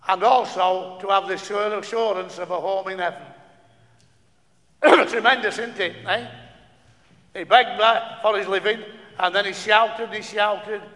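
A man's voice: high voice, steady tone, a little slow, a bit bright. A man preaching a sermon, stumbling over restarts and asking the listeners rhetorical questions. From northern England. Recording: long hall reverb.

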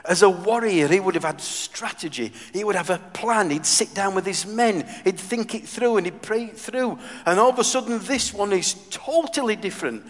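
A man preaching a sermon, moving between loud emphatic bursts and quiet, earnest asides. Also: sits high, animated, normal speed, hardly any pauses, long reverb tail.

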